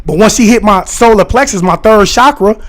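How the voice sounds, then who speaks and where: A man chatting casually on a livestream, rambling excitedly and talking directly to his viewers and their comments. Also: sits high, normal speed. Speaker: live streamer talking to chat.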